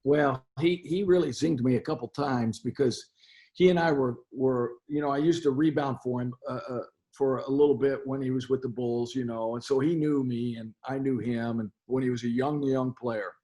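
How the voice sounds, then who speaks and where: A man's voice: medium pitch, fairly even intonation, normal speed, mellow. An older man, a basketball coach interviewed as a guest, telling long stories, often repeating words and restarting his sentences. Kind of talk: storytelling interview.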